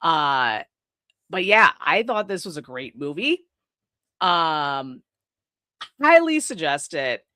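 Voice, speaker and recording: A young woman hosting a horror podcast, retelling a film plot in a profane, gossipy, casual way with quick asides. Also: sits low, very animated, bright, forceful tone, dry recording, clean studio sound. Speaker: podcast host. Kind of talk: casual film review chat.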